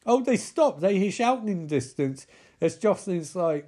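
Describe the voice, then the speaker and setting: A man giving excitable, sweary running commentary over a movie. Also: high-pitched, moderate pace. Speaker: movie riffer. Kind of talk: live profane movie riff commentary.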